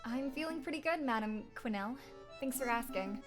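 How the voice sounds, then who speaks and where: A woman voicing an earnest young male bird lawyer, measured and polite. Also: a little high, expressive, music in the background, close to an everyday voice.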